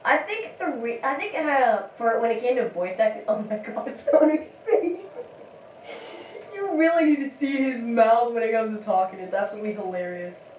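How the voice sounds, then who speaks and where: A woman's voice: a little high, expressive, a little fast, hardly any pauses, darkish tone. A woman chats loosely over her gameplay in a giggly, rambling way, often restarting her sentences. Her voice sounds roomy and set back from the mic. A faint hiss runs underneath. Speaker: gameplay commentator. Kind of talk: casual let's-play commentary. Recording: roomy, distant mic, faint background noise.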